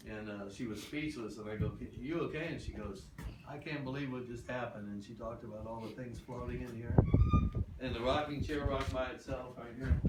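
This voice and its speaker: Older male tour guide, chatty storyteller, heard from afar, noisy room. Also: medium pitch. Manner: chatty, acts out quoted voices. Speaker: ghost town guide. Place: old wooden building, indoors. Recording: roomy, distant, noisy camera audio.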